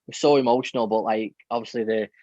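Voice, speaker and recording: Male co-host, fast and chatty, dull dry recording. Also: lowish voice, flat delivery, warm tone, no echo. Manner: fast, chatty, many fillers. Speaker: podcast co-host. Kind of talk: casual chat.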